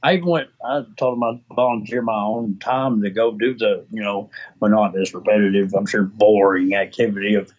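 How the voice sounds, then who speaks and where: A man's voice: fairly low pitch, fairly even intonation, brisk. A man, talking in a rambling, emotional way as an interview guest. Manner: rambling, emotional, many restarts. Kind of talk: casual interview conversation. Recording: slightly dull lo-fi audio.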